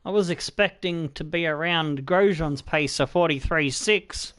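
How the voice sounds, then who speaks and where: An Australian man commentating his own racing game play, animated and swearing, talking to the car as he drives. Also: on the high side, unhurried, dry recording. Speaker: gaming video creator.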